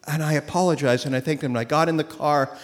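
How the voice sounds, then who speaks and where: Animated man telling a story on stage. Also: fairly high pitch, fast talker. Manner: animated, often laughing while telling. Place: theater stage before an audience. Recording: roomy live hall with faint noise.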